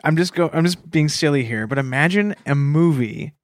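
A man's voice: on the high side, moderate pace, dry recording. A man co-hosting a podcast in casual comedic chat, playfully riffing on silly ideas. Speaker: podcast co-host.

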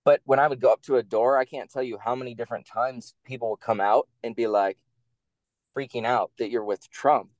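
A man speaks in a dry, close recording, telling stories from his old campaign job with blunt, profane energy. His pitch sits in the middle for a man, and he gets animated and louder when he is worked up. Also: a little fast, no echo, muffled recording. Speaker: guest, attorney and former campaign staffer. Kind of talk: casual interview storytelling.

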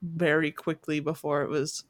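A woman's voice: deep voice, flat delivery, normal speed, no room sound, clean studio sound. A young woman chatting casually as a podcast co-host, trailing off with fillers. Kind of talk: casual chat.

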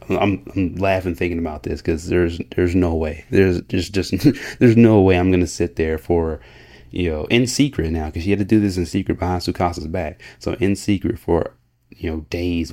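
Deep, mellow-voiced motivational podcast man. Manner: earnest, motivational, laughs often, many restarts. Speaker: podcast host. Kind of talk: casual solo podcast talk.

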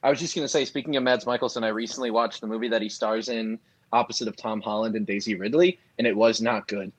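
A man's voice: lowish voice, steady tone, quick pace, no room sound, poor audio. A man co-hosting a casual podcast chat over a video call, joking and giving strong opinions. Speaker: podcast co-host.

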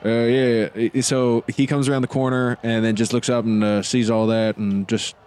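Dude playing a tabletop game, lots of uhs, smooth clean voice. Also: male voice, mid-range voice, little pitch movement, a little mellow. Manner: halting, with many uh's. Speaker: player. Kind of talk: describing his character's actions.

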